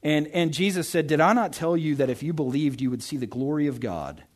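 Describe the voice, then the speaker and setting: A young man preaches in a loose, conversational way, stopping mid-thought and asking his listeners "right?" His voice sits a little high for a man. He moves between telling family stories and reading scripture. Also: animated, a little fast. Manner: chatty, self-interrupting, often asks "right?". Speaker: pastor. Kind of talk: casual sermon with Bible reading.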